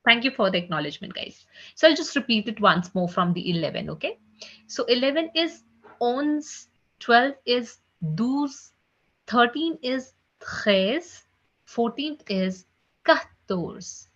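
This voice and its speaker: Slow, patient woman teaching French sounds. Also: a little high, very animated, fairly bright tone. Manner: repeats each sound several times, adds "okay?" after nearly every line. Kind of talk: slow spelled-out pronunciation lesson. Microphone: computer mic on a video call. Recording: slightly dull, muffled online class audio.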